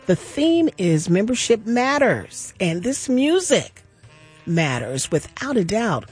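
A woman hosting a jazz radio show, making lively pledge appeals to listeners and interviewing a guest in the studio. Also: medium pitch, slow, husky, faint music behind. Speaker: radio host. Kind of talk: public radio pledge-drive talk.

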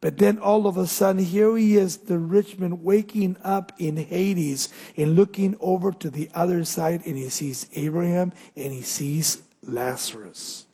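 A male pastor preaching a sermon, asking the crowd questions and answering them with emphatic, drawn-out pauses. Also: sits high, warm tone, breathy edge, in a large hall.

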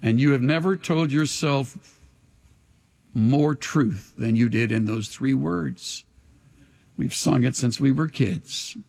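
Impassioned pastor in a reverberant sanctuary. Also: male voice, medium pitch, vocal fry, darkish tone. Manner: impassioned, rhythmic preaching with long pauses. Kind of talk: sermon with altar call. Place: large church sanctuary.

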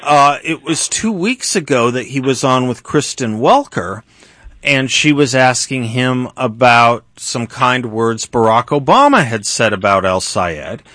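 A man hosting a political talk radio show, speaking in a measured way and repeating words for emphasis. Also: medium pitch, lively intonation, fairly bright tone, no room sound.

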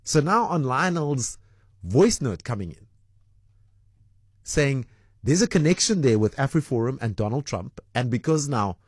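Husky radio host man. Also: medium pitch, very animated, unhurried, pauses often, no echo, studio quality. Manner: chatty, reads out listener messages with many fillers. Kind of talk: breakfast radio call-in talk.

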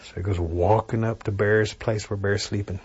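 Low husky male storyteller. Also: highs cut off. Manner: unhurried, animated telling with sound effects. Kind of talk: traditional oral storytelling.

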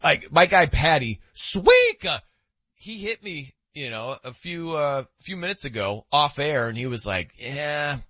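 A man's voice: on the high side, wildly swooping pitch, unhurried, sharp tone, dry recording, lo-fi sound. A man hosting a sports talk show, chatty and joking with many fillers.

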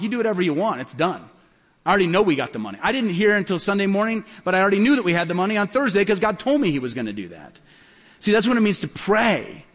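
Male pastor, higher voice, animated storyteller preaching a sermon; long hall reverb. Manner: animated, acts out dialogue in stories.

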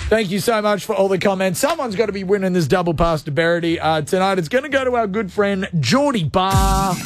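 High-voiced radio host, cheeky. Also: male voice, brisk, few pauses, faint music behind. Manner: loose, laughing, cheeky banter. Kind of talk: casual talk radio.

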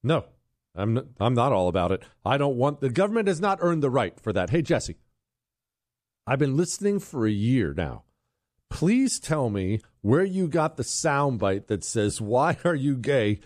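A man's voice: mid-range voice, big pitch swings, moderate pace, no room sound, studio quality. A man hosting a talk radio show, combative and emphatic, delivering an opinionated monologue and a live ad read. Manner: combative, emphatic, rising to loud peaks. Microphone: studio microphone.

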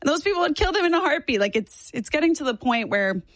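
A woman in her twenties, a guest on a talk show, talking fast and animatedly with strong opinions. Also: sits high, sing-song, no room sound. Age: 20s. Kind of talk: casual political chat.

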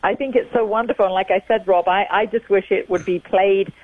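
A woman's voice: medium pitch, fairly even intonation, fairly quick, no echo, narrow, tinny audio. A woman in her sixties with an English accent, giving an interview as a guest and repeating her points for emphasis. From England. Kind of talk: remote interview.

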